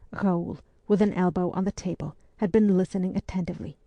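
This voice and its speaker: Low, mellow-voiced woman narrating. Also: steady tone, a little fast, hardly any pauses, dry recording. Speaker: audiobook narrator. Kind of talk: scripted narration.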